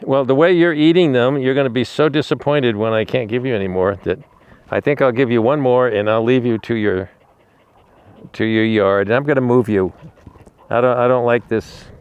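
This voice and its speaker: A man's voice: medium pitch, moderate pace, darkish tone, clear, resonant tone, no room sound, muffled recording. A man who rescues animals tells a story in a rambling way, restarting his words, and talks fondly to a dog outdoors. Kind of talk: casual storytelling while feeding a dog.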